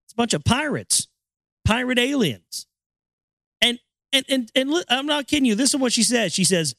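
A man reads an old text aloud and keeps breaking into crude, excitable commentary. His voice is high and swings widely in pitch. It is recorded close and dry, with no room around it. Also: normal speed, no room sound. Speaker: podcast host. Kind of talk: reading aloud and ranting commentary.

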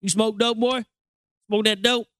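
A man's voice: high voice, steady tone, a little slow, a bit bright, no room sound, clean studio sound. A man putting on the voice of a power-drunk small-town male cop who taunts people in a drawling, sneering way.

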